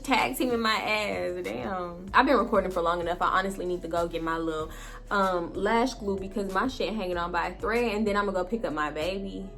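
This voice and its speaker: A young woman, chatting casually to viewers at home about her life and swearing often. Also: medium pitch. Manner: profane, chatty, animated storytelling to viewers. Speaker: vlogger. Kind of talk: casual storytime chat. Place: home, indoors. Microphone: phone camera.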